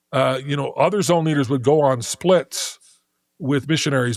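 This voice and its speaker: A middle-aged man appears as a guest on a podcast, his voice at a medium pitch. He tells a story in a relaxed, lively way, often restarting sentences as he thinks out loud.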